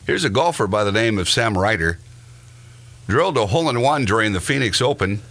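Deep-voiced man, dry casual co-host. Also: expressive, a little fast, a bit bright. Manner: dry, laughs at his own asides. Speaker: podcast co-host. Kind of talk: casual chat, reading news items.

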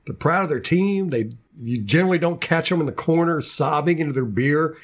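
A man's voice: fairly high pitch, fairly quick. A man hosting a casual sports podcast, ranting with lots of repeated words and restarts. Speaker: podcast host.

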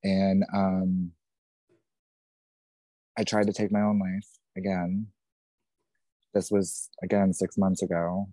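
A man in his thirties with a very low, dark voice tells a painful personal story as a podcast guest. He talks in a raw, intense way, swears freely and repeats himself. The sound is close and dry. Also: flat delivery, takes it slowly, pauses often, no echo. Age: 30s.

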